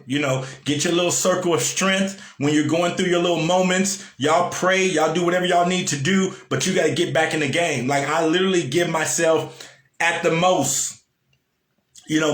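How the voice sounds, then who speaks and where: A man speaks in a casual motivational style, hammering points home by saying them again and asking his listeners direct questions. His voice sits a bit high for a man. The sound is roomy, with a clear echo around him. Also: fairly bright tone. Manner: conversational, repeats lines for emphasis, asks the listener questions. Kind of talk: casual motivational talk to an online audience.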